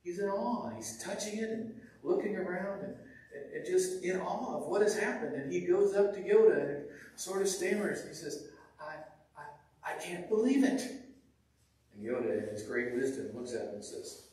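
Higher-voiced preacher, echoey and distant. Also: male voice, expressive, normal speed, darkish tone. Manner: conversational, with restarts and repeated words. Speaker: pastor. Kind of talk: sermon. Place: church sanctuary. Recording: echoey church from far off.

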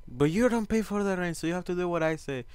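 A man's voice: sits high, quick pace, darkish tone, smooth, no echo, lightly acted. A man voicing a nagging mother who lectures her son in a bossy way. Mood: scolding.

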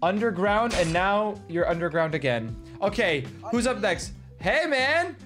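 Casting: male gaming host, high voice, loud hyped announcer energy, faint music bed. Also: sing-song, unhurried. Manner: hyped, shouty announcing, teasing. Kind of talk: excited gaming video commentary.

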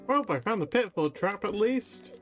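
A man's voice: high voice, expressive, normal speed. A man chatting casually over his gameplay into a desk microphone, thinking aloud as he plays, with faint game music. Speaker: let's play gamer.

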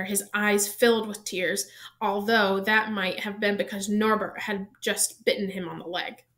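A woman reading a children's novel aloud, narrating in an even, steady storytelling manner. She keeps the flow plain, now and then catching and fixing a slipped word. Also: medium pitch. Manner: even storytelling pace, small self-corrections. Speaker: reader.

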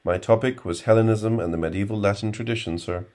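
A pompous young male graduate student, as a male reader puts him on, stiffly polite and quick to take offense. The voice sits noticeably higher than the reader's very deep natural tone and grows louder and more insistent. It is read from a storybook. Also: natural voice.

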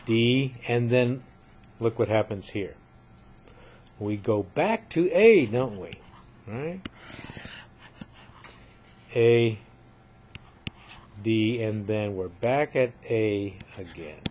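A man's voice: fairly low pitch, expressive, takes it slowly, pauses often, darkish tone, slight background noise. An older man giving a recorded lecture on poetry, explaining step by step and often checking in with "right?".

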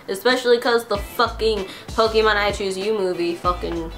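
High-voiced, foul-mouthed woman vlogger. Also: faint music behind. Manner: excitable and profane, swearing constantly; playful, quick swings between mock outrage and giggles. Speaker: YouTuber taking an online quiz. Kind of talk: casual vlog commentary.

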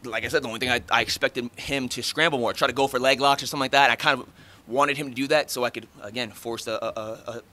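This post-fight press conference features a man in his thirties with a mid-range, bright, forceful voice and fairly even intonation. Talkative and fast, he gives blunt, casual answers laced with swearing.

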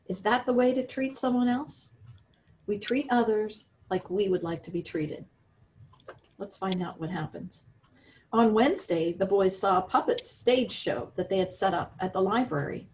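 A woman's voice: medium pitch, darkish tone, slight background noise, low-quality recording. A woman with an American accent teaching a children's religion lesson, reading a story aloud and asking the listeners questions about it.

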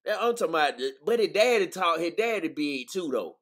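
A man's voice: high-pitched, expressive, a little fast, a bit bright. A man hosting a casual livestream chat, laid-back and laughing easily, ending his lines with "man". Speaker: host.

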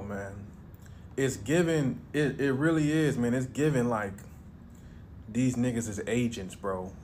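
A man's voice: medium pitch, a little hiss or hum. A man hosting a reaction video, talking bluntly and profanely in a riffing commentary.

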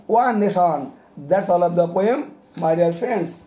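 Very high-voiced man reciting poetry slowly. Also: animated, warm tone. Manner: deliberate, repeats titles and page numbers; explains each poem after reading it. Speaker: poet.

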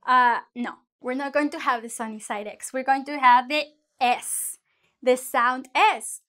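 This Spanish teacher's voice is high and bright, and her online lesson unfolds at an unhurried pace. Playful and lively, she drifts easily in and out of English as she explains.

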